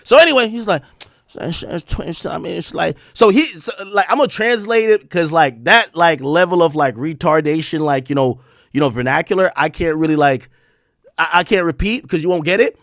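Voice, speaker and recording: A man's voice: on the high side, lively intonation, fairly quick, fairly bright tone, no room sound, clean studio sound. A man telling a long, profane story in a casual rant, rambling with many restarts and bursts of laughter. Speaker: streamer and commentator.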